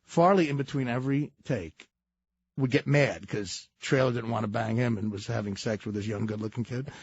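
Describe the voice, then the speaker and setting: A man telling casual, animated anecdotes, often breaking into laughter as he talks. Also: mid-range voice, moderate pace, husky, dry recording. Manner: animated, laughing storyteller, full of fillers. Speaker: storyteller, guest. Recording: dull lo-fi sound.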